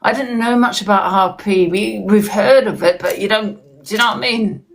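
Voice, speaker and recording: A woman's voice: mid-range voice, moderate pace. A woman as an interview guest, talking in heated, emphatic casual chat and often repeating herself. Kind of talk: casual chat on a live stream.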